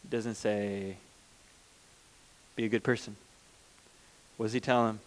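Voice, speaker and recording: A man's voice: lowish voice, flat delivery, a little slow. A man preaching a conversational sermon as pastor, plain-spoken and informal, often restarting mid-sentence.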